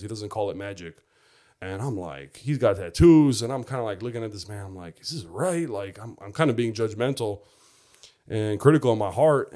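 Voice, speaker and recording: A young man tells his faith testimony in a lowish voice, earnest and reflective. He pauses often on fillers as he thinks. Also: a little mellow. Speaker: former football player giving his testimony.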